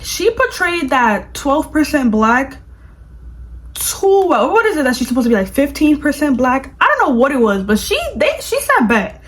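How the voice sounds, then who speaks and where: A woman vlogger reviewing a movie in casual chat, gushing and animated, with lots of "like". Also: high-pitched, moderate pace, rough recording. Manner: gushing, animated, fills speech with "like".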